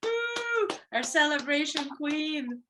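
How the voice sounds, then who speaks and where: A woman's voice: high-pitched, sing-song, slow pace, bright, forceful tone, slight background noise. A woman co-hosting a casual chat who chimes in with short reactions and laughs.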